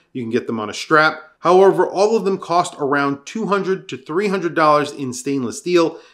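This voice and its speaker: A man's voice: medium pitch, a bit bright. A man hosting a casual product rundown, enthusiastic and conversational, talking straight to his viewers. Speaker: watch reviewer.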